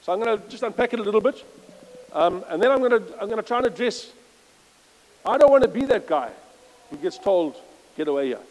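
A man's voice: high voice, lively intonation, a little fast, pauses often, darkish tone, in a large hall, poor audio. A man giving an informal church sermon, reading scripture aloud with emphasis and chatty, self-correcting asides. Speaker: lay preacher.

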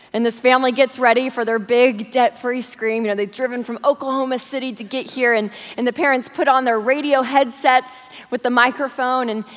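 A woman's voice: a little high, fairly bright tone. Woman telling a heartfelt story in a hall. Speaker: guest speaker. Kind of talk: storytelling sermon. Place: large church auditorium. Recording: long hall reverb.

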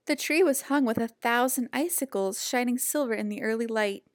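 A woman reading a children's picture book aloud in a gentle, expressive storytelling voice. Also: fairly high pitch, normal speed, dry recording, clean studio sound.

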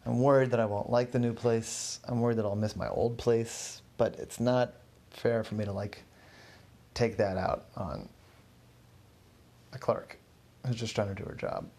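Storyteller voices a nervous, over-apologetic young man with a gravelly, stammering delivery. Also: mid-range voice, steady tone, unhurried, long pauses, warm tone. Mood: anxious. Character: nervous anxious young man moving house.

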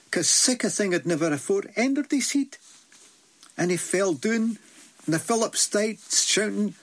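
A man with a Scottish accent telling a folk tale in broad Scots dialect, with lively delivery. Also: fairly high pitch. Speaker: storyteller. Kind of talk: folk storytelling.

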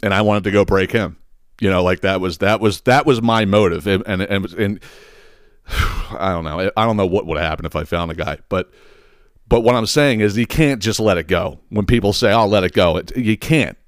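A man on a podcast tells stories in a casual, foul-mouthed rush, laughing often and circling back with lots of "you know"s. His voice sits a bit low, and the recording is close and dry with no room sound. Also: moderate pace, smooth, no room sound. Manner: profane, animated, laughs often; many fillers and restarts. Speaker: podcast host. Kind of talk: casual storytelling monologue.

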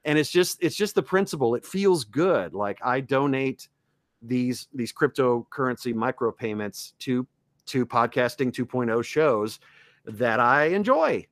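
A man, a voice actor, talking casually as a podcast guest, enthusiastic and dropping into quick character voices. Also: mid-range voice, expressive, no echo. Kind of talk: casual chat.

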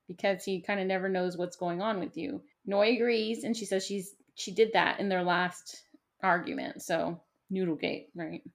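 A woman co-hosting a podcast, recapping a show in casual chat with quick asides and frequent laughter. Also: mid-range voice. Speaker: podcast co-host.

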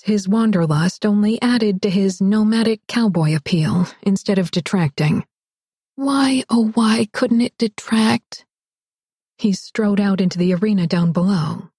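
A woman narrating a romance audiobook in a wry, expressive read. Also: a little high, no room sound, clean studio sound. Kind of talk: scripted narration.

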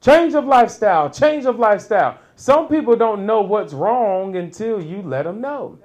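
A man preaching a sermon, reading scripture and explaining it, with laughs between points and sudden loud peaks. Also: sits high, lively intonation, moderate pace.

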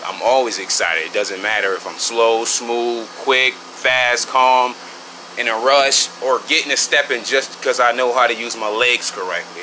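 A man's voice: mid-range voice, background noise. A man talking casually to his listeners while he works, playful and rambling, with a lot of cursing. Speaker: podcaster talking while at work. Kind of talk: casual monologue to camera. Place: at work washing tubs, air conditioning hum.

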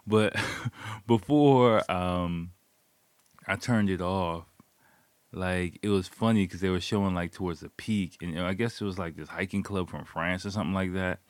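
A man's voice: low voice, moderate pace, smooth, no echo. A man casually telling a story, rambling with lots of fillers and swearing. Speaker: vlogger.

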